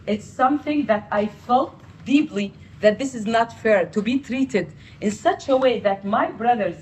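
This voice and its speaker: Animated woman telling her life story. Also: on the high side, unhurried, few pauses, slight background noise, low-quality recording. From Palestinian Bedouin, Negev region. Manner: animated, acts out quoted family voices. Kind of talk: storytelling talk to an audience.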